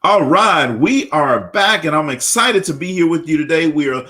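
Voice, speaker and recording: A man's voice: on the high side, animated, moderate pace, bright, forceful tone. Upbeat male radio host. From Louisiana. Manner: upbeat, stammers and repeats words. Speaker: radio talk show host. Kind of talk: live radio talk show.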